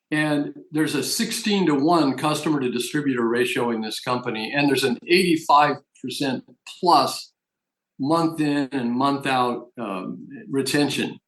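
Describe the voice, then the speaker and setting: A man's voice: medium pitch, reverberant, poor audio. A man giving a persuasive, emphatic business opportunity presentation as a network marketing presenter. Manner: persuasive, emphatic sales talk.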